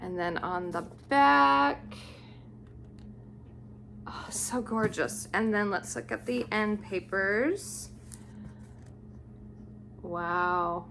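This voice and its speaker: A woman vlogger showing off a book haul, gushing and unhurried as she admires each book aloud. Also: mid-range voice, creaky, a bit bright, a little hiss or hum. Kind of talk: casual book haul show-and-tell.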